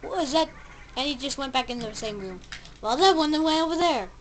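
A woman giving casual gameplay commentary, excitable, yelping at the game and babbling silly sound effects. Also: high-pitched, quick pace, a little hiss or hum, low-quality recording. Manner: excitable, yelps and shouts at the game. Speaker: let's play gamer.

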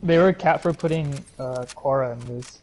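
A young man rambling through a casual gaming chat, often jumping into high silly voices to quote characters. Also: normal speed, darkish tone, slight background noise.

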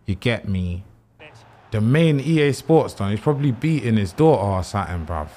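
A man's voice: on the low side, big pitch swings, normal speed, mellow. A young man, brash and trash-talking, swearing freely as he plays and comments on a football video game live. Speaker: streamer.

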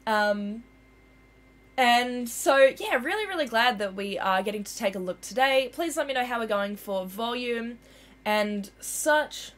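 A woman with an Australian accent hosting a casual game livestream, bubbly and chatty and quick to laugh. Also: fairly high pitch, animated, fairly bright tone. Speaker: livestream host. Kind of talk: casual game stream chat.

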